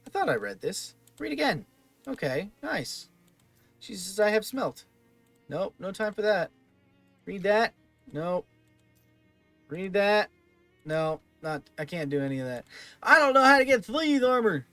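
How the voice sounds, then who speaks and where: A man's voice: high-pitched, very animated, unhurried, pauses often, sharp tone, no room sound, faint music behind. A man giving let's play commentary, thinking aloud and muttering through item lists. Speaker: gaming video host.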